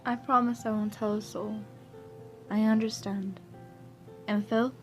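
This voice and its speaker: A woman voicing a gentle, affectionate young man in a fan fiction reading, speaking softly and reassuringly. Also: mid-range voice, fairly even intonation, measured pace, soft background music, lightly acted. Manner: soft, tender, reassuring.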